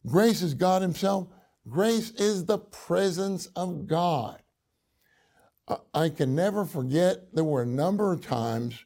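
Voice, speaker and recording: A man preaching a sermon to a congregation, slow and deliberate, repeating key phrases for emphasis. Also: on the high side, gravelly, warm tone. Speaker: minister speaking to a congregation.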